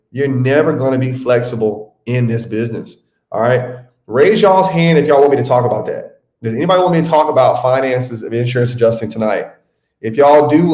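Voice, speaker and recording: A man's voice: mid-range voice, darkish tone. Guy running a live stream class, talks loose n friendly, says y'all a lot, roomy sound. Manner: chatty, addresses viewers by name, says y'all. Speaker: webinar host and adjusting mentor. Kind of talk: casual live-stream teaching. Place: home room.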